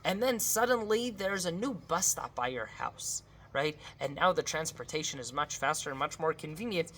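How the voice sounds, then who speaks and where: A woman's voice: deep voice, expressive, moderate pace, a bit bright, slight background noise. A woman teaching a casual spoken lesson, conversational and earnest, often checking in with a questioning "right?" and turning pleading when she voices prayers.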